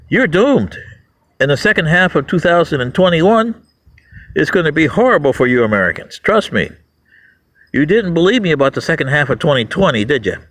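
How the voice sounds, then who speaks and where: The recording is low quality, and the man's voice comes across a bit bright. Hosting his YouTube channel, he delivers a mocking, ranting monologue, laughing at his audience and swinging his pitch widely.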